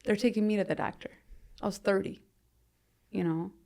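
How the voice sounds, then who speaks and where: This is a gravelly, mid-range female voice with fairly even intonation at a normal speed. She's in her thirties and is being interviewed on a podcast, recounting her own experiences frankly; her chatty talk is full of "you know," and her sentences drift down to a near-whisper.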